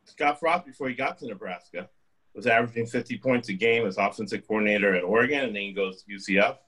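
A man co-hosting casual sports talk, telling anecdotes with lively delivery. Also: fairly low pitch, quick pace, breathy edge, rough recording. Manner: storytelling, animated anecdotes. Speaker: co-host.

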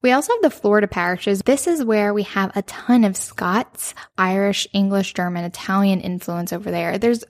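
A woman with a South Louisiana accent talks casually and emphatically, leaning into her points. Her voice sits at a mid pitch. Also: normal speed, few pauses. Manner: emphatic, animated explainer. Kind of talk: casual chat.

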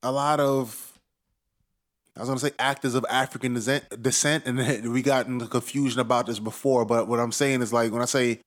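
A man's voice: medium pitch, steady tone, fairly quick. Rambling, laughing casual man. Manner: rambling, profane, laughs often. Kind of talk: casual chat.

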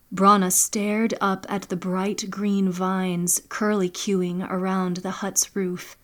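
Soft-spoken woman reading her own story podcast, slow and measured. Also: mid-range voice, level tone. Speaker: podcast narrator and producer. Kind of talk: scripted storybook narration.

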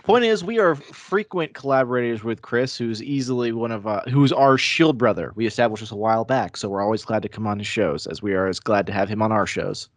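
A man's voice: on the low side, a little fast, few pauses, dry recording. A man co-hosting a podcast, explaining things in a casual way and laughing often. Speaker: podcast co-host.

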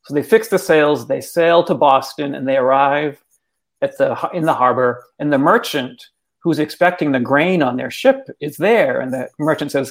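A man, an author and guest, telling a folk tale in casual conversation, animated and full of "like.". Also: on the high side, normal speed. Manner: animated, casual, many fillers like "like". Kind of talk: storytelling in conversation.

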